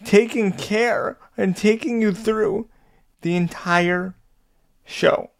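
A man hosting an interview talks slowly and deliberately, with long pauses between phrases. His tone stays affirming and friendly toward his guest. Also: high voice, steady tone, vocal fry. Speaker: podcast host. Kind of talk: casual interview chat.

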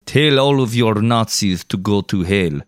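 A man voicing a defiant male Soviet soldier in a put-on Russian accent, speaking slowly and deliberately. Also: fairly low pitch, expressive, smooth, dry recording, clean studio sound.

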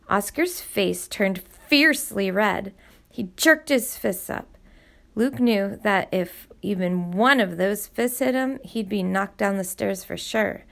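A woman reading a novel aloud with expressive, steady audiobook narration. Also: mid-range voice, slow pace, creaky. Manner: expressive storytelling.

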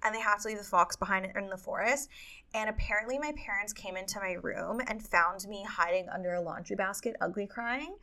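A woman's voice: mid-range voice, brisk, pushed and bright. A woman co-hosting a podcast, chatting casually about a book and retelling scenes with lots of fillers. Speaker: podcast co-host. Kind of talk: casual book-club chat.

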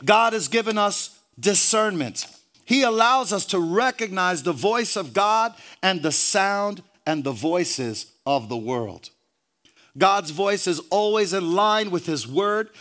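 High, bright-voiced preacher man. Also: expressive, takes it slowly. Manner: peppers every phrase with "hallelujah", rising to shouts; stumbles and repeats words, jokes with the congregation. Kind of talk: sermon.

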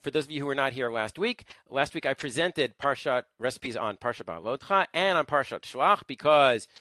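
A man teaches an online class, stopping often to search for words and circling back over them. His voice is bright and forward, and the recording sounds close and dry. He keeps a loose, informal classroom manner. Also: mid-range voice, expressive, no echo. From lives in Israel. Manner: halting, with many fillers and restarts.

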